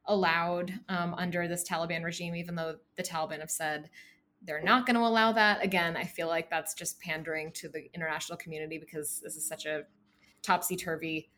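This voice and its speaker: A woman's voice: lowish voice, steady tone, a little fast, a bit bright. A young woman from the United States in a casual conversation about the news, chatty and worried, with many fillers. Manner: talkative, filler-heavy, concerned.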